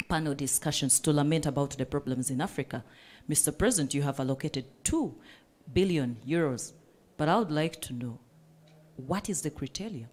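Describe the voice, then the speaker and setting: A woman panelist who runs a coffee business, speaking earnestly and with passion at a panel discussion, with many fillers. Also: deep voice.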